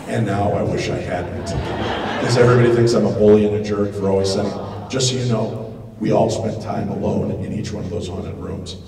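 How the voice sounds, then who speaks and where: A middle-aged man with a fairly low voice tells joking stories to a crowd, bursting out loud now and then. He sounds distant and roomy, picked up in a big echoing hall with a clear wash of noise behind him. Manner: animated, joking, acts out quotes with loud outbursts. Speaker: paranormal TV host giving a lecture. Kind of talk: storytelling talk to a live audience. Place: large expo hall. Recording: echoey hall, distant mic, noisy.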